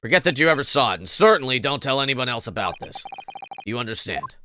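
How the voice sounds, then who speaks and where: A man's voice: medium pitch, big pitch swings, fast, noisy background, voice pushed down, natural voice. A man voicing a stern, secretive older father who gives curt commands.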